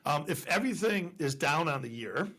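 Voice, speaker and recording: Podcast host guy, slightly husky, chatty and pushy with questions, kinda high voice. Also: very animated, moderate pace, fairly bright tone. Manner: chatty, challenging, lots of fillers. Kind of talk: casual interview.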